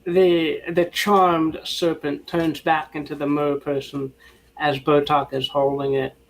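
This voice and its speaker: Gravelly, slow game master. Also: male voice, fairly high pitch, little pitch movement, low-quality recording. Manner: halting, restarts often. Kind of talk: narrating a tabletop game.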